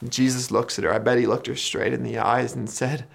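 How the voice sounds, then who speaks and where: Male pastor, mid-pitched, casual sermon delivery with dramatic quiet drops. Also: level tone, a little fast, vocal fry, hardly any pauses. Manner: conversational, dramatic retelling with quiet emphatic drops.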